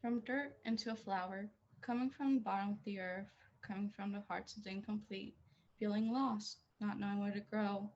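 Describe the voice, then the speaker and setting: A woman's voice: mid-range voice, steady tone, moderate pace, highs cut off. A tenth-grade girl reading her poem aloud, hesitant and nervous. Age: teens. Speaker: student poet.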